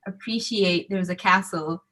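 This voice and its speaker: A woman's voice: lowish voice, a little slow, bright, forceful tone, poor audio. A young woman from Zambia with a blend of Zambian, American and Scottish accents, chatting casually on a panel and laughing often. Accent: mixed Zambian, American and Scottish.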